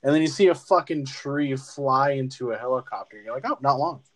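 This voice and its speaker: A man's voice: mid-range voice, fairly quick. Profane young man rambling about a movie. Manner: profane, rambling, animated retelling. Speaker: podcast co-host. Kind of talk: casual movie-review chat.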